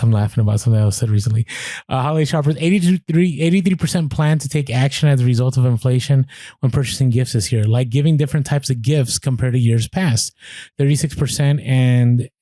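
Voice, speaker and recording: A man with a mellow, warm voice co-hosts a podcast, reading out figures and breaking off for casual asides. He sits close to a studio mic, and the room sounds dry. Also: medium pitch, no room sound. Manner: reads out statistics with offhand asides. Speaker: podcast co-host.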